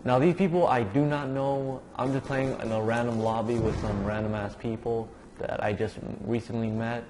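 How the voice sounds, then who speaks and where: A young gaming YouTuber offers rambling, casual commentary over a zombie game, mumbling under his breath, cursing at the game and sounding sleepy. His mid-range voice is steady at normal speed, with background noise present.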